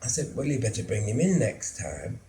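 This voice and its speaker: An actor playing a lonely, anxious middle-aged son who lives with his mother, telling his story slowly and drily in a theatre monologue. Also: mid-range voice, big pitch swings, warm tone, natural voice. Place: theatre stage. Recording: roomy theatre sound, faint hum.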